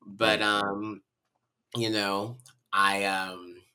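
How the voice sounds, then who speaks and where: A man from North Carolina, a podcast guest telling a personal story in a candid, animated way. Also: fairly low pitch, very slow, a little hiss or hum. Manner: animated, candid, talks to listeners as y'all.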